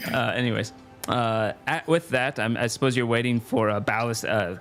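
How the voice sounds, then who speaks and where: A man's voice: medium pitch, fairly bright tone. A man running a tabletop game as game master, hesitant and laughing often. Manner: hesitant, laughing, full of fillers.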